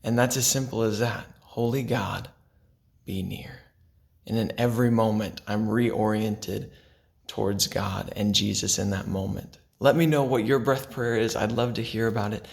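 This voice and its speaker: Pastor, male, gravelly tone, soft-spoken devotional delivery, sinks to near-whispers. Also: fairly low pitch, flat delivery. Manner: gentle, unhurried, drops to a hush for quiet lines. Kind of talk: devotional sermon to camera.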